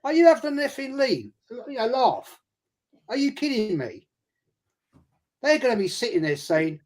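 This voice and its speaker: A man's voice: sits high, sing-song, a little fast. A man with a London accent joining a casual fan chat. He talks bluntly, swears, and mocks rivals in sarcastic put-on quotes. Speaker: guest fan pundit.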